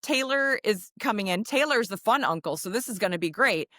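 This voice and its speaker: A woman's voice: mid-range voice, lively intonation, brisk, sharp tone, no room sound, clean studio sound. A woman co-hosting a podcast in casual chat, recapping a film's plot in a rambling way with lots of fillers. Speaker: podcast co-host.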